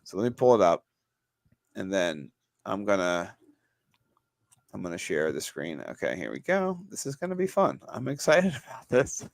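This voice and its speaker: A man's voice: on the low side, very animated, normal speed, gravelly, pauses often, no echo, clean studio sound. A man co-hosting a podcast in casual chat, rambling with lots of fillers and restarts, laughing easily. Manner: rambling, filler-heavy, self-interrupting. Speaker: podcast co-host.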